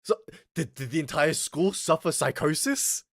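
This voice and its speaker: Young man, streamer rant, animated and sweary, close dry mic. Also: fairly high pitch, normal speed, dry recording. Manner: animated, swears a lot, flips between mutters and yells. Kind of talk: casual storytelling rant on a live stream.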